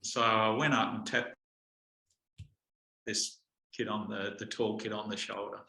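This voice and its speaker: A lower-pitched man tells his stories with a bright, forceful edge and lots of restarts along the way. He talks casually, full of fillers. His voice bounces around an echoey room. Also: unhurried, vocal fry. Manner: animated anecdotes with frequent fillers and restarts. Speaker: guest speaker. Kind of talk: conversational storytelling.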